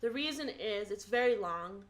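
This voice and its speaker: A woman's voice: medium pitch, lively intonation, moderate pace. Woman firmly explaining her view in chat. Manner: firm, explaining her opinion. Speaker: podcast co-host. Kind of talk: casual chat.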